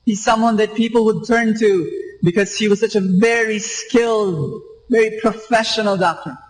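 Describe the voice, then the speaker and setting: Male preacher, high voice, emphatic, repetitive sermon delivery. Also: moderate pace, slight background noise, poor audio. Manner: emphatic and repetitive, with rhetorical questions. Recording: radio live stream.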